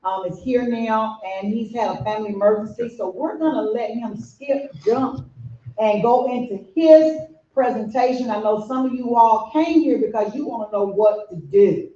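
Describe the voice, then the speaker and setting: A woman's voice: fairly high pitch, normal speed, warm tone. Folksy Southern woman emceeing a summit. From Tennessee. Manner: folksy and chatty. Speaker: event host. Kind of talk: emcee introducing speakers. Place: community hall. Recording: echoey, dull room recording from far off.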